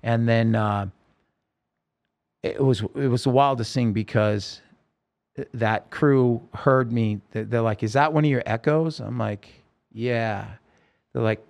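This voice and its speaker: A man with a gravelly, creaky edge to his voice tells a story as a podcast guest. He speaks in halting bursts, restarting and correcting himself often. His pitch sits in an ordinary middle range. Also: darkish tone. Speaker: interview guest. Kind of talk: emotional personal storytelling.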